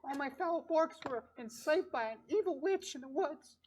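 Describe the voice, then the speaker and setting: A tiny, frightened furry forest creature during a tabletop game, with a squeaky, very high, pleading voice that stammers in alarm. Its pitch leaps far above a normal speaking voice. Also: female voice, expressive, normal speed, a little mellow.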